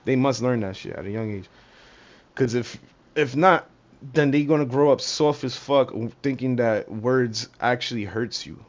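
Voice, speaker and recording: A man's voice: mid-range voice, normal speed. A man giving casual, profane reaction commentary in a slangy way, laughing often. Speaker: reaction streamer. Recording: dull lo-fi audio.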